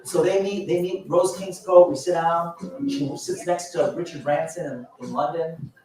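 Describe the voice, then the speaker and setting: Man in fifties, motivational speech, animated storyteller, slightly high voice, echoey hall, distant mic. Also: normal speed, soft background music. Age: 50s. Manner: animated storytelling with frequent restarts and laughs. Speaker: motivational speaker at a business event.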